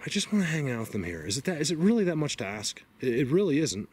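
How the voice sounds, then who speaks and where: A man's voice: fairly high pitch, big pitch swings, fast talker, a little mellow, slight background noise. Chatty out-of-breath man hiking outdoors. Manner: rambling, chatty, laughs often. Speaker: vlogger. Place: snowy mountain woods outdoors.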